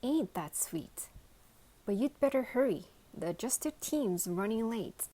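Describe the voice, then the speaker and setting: A woman voicing a kindly, folksy old male toy sheriff, speaking loud and slow. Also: on the high side, expressive, voice pushed up.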